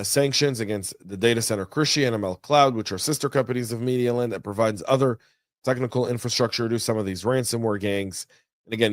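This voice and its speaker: A man hosting a news podcast, talking through the stories in a chatty, energetic way with folksy asides. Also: lowish voice, no room sound, clean studio sound. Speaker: podcast host. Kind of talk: casual news commentary. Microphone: studio mic.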